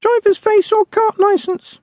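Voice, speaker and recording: A man voicing a tiny imp living inside a box, with a high squeaky voice. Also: flat delivery, a little slow, a little mellow, no echo, studio quality. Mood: dutiful.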